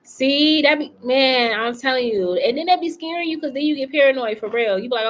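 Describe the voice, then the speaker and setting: A woman's voice: fairly high pitch, fairly quick, few pauses, a bit bright. Chatty woman tarot reader on a live stream. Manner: chatty, colloquial, talks to chat as "y'all" and "love". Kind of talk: casual live-stream chat. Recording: faint background noise.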